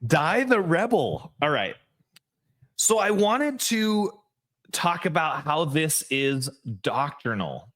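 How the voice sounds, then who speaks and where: A male podcast co-host with a higher-pitched voice takes his time speaking. His storytelling is casual and animated, loaded with "like" and frequent restarts.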